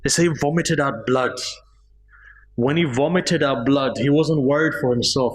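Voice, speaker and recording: A man's voice: measured pace, a bit bright, rough recording. Man giving an emotive mosque sermon. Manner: emotive storytelling, rising pitch in emotional passages. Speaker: speaker at a mosque gathering. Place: mosque hall.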